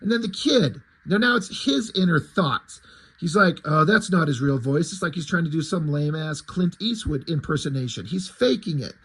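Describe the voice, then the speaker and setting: A man's voice: a little high, lively intonation, moderate pace, fairly bright tone, slightly rough, low-quality recording. A man reviewing a comic book in casual commentary, sarcastic and profane, with frequent asides.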